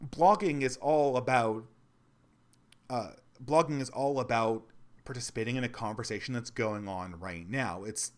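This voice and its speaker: A man's voice: mid-range voice, normal speed. A man in his thirties talks through a critical commentary in an easy, unscripted way. He often restarts and repeats himself, and the irritation shows throughout. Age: 30s. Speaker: channel host.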